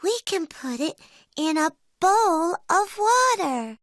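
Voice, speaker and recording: A woman voicing a small, playful boy bear cub in a slow, childlike voice for a cartoon. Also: very high-pitched, big pitch swings, background noise, voice pushed up, exaggerated voice. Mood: eager.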